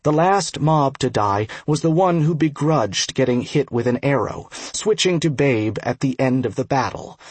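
A man narrates a fantasy game novel in a steady, measured voice. His tone is husky and mid-pitched. The booth recording is dry, with no room echo. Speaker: audiobook narrator. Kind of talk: scripted narration.

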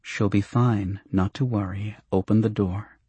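A man voicing a terse, tough woman bodyguard in an audiobook, speaking in a clipped, quiet, matter-of-fact way. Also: on the low side, fairly even intonation, a little slow, breathy edge, no room sound. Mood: firm. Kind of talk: audiobook character voice.

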